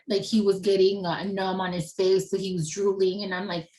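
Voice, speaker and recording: A woman in her thirties giving an emotional personal testimony, halting with pauses and fillers and often clearing her throat. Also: mid-range voice, little pitch movement, dark tone, low-quality recording. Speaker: family member speaking on a webinar panel.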